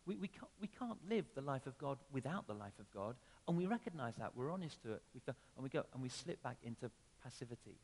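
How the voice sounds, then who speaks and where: A man preaching a sermon in a church, talking conversationally with sudden emphatic rises and soft drops. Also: medium pitch, big pitch swings, quick pace, hardly any pauses. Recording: long reverb of a church hall.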